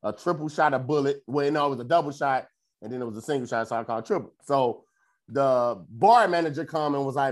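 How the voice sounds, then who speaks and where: A young man telling a long story on a podcast, profane and animated, jumping into loud high voices when he quotes people. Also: fairly quick. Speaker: podcast co-host. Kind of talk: casual storytelling chat.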